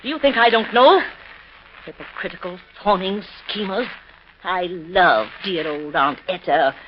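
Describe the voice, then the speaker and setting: An actress playing a scheming, sharp-tongued niece who switches between biting scorn and sugary sweetness, in a 1930s radio drama. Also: mid-range voice, animated, normal speed, slight background noise, close to an everyday voice. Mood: scornful. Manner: scornful and biting, sugary when it suits her. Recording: dull lo-fi 1930s radio recording.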